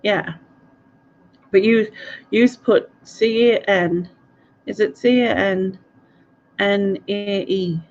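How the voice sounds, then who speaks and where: A woman's voice: mid-range voice, steady tone, takes it slowly, long pauses, darkish tone. A middle-aged woman, chatting casually on a live stream and answering viewer comments, giggling often and tripping over place names. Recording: dull lo-fi audio.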